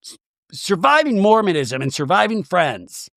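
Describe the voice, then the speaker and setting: A man retells TV drama in a casual, gossipy comedy recap. His voice is fairly high and bounces all over the place. The sound is dry and close-miked. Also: big pitch swings, normal speed, gravelly, a bit bright, no echo. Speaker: podcast host.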